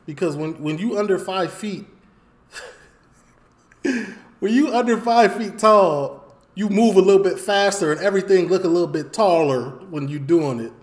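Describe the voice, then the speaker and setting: Vlogger man, high voice, slangy storytime, repeats lines for emphasis. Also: moderate pace. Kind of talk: casual storytime.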